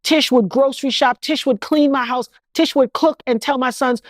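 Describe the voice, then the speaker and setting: A woman's voice: high-pitched, steady tone, normal speed, no room sound. A woman in her fifties, an interview guest speaking with an emphatic, repetitive, preacher-like cadence. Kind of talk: emotional interview.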